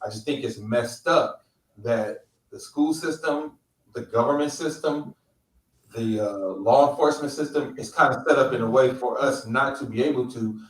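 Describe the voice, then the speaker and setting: This middle-aged California man, co-hosting a casual roundtable, speaks in a mid-range voice at a moderate pace, with slight background noise. He's blunt and profane, telling stories with emphasis, and the recording sounds roomy and far from the mic.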